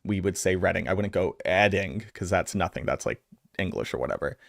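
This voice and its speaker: Low-pitched and a little fast, the Boston-accented streamer speaks with lively intonation and a creaky texture. This young adult man from Massachusetts rambles through filler-heavy reaction commentary and storytelling, recorded clean in a studio without echo.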